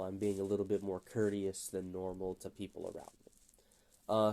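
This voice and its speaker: A man's voice: on the low side, mellow. A man telling rambling, profane anecdotes in a casual, chatty way, often laughing at his own stories. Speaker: gaming channel storyteller.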